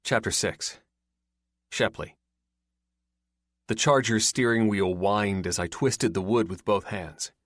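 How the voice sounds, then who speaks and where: A man reading a romance audiobook in first person, steady and measured. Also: lowish voice, no echo, clean studio sound. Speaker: audiobook narrator. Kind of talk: first-person scripted narration.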